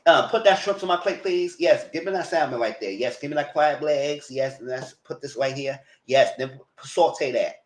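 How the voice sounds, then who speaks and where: During casual livestream commentary, the host recaps with blunt asides in a chatty way, acting out what he said to the cast. He speaks in a mid-range voice at normal speed, hardly pausing.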